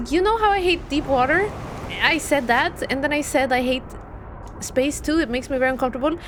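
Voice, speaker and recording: A woman's voice: high voice, fairly bright tone, slight background noise. A young woman streaming a game live, chatty and thinking aloud while talking to her chat. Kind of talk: live gameplay commentary.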